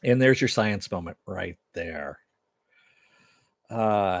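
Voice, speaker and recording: A man's voice: deep voice, expressive, slow, gravelly, breathy edge, no echo. A middle-aged man casually recapping and reviewing a TV episode, rambling with many fillers and chuckles, and reading chat comments aloud. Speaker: TV show reviewer.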